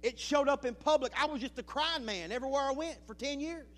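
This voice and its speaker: A middle-aged man preaching a sermon, moving from quiet, halting confession to loud, impassioned preaching. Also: very high-pitched. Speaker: pastor. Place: church sanctuary.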